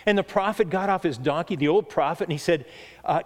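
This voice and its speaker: Male preacher, earnest sermon, slightly high voice, long hall reverb. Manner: earnest, emphatic, slows down for key points.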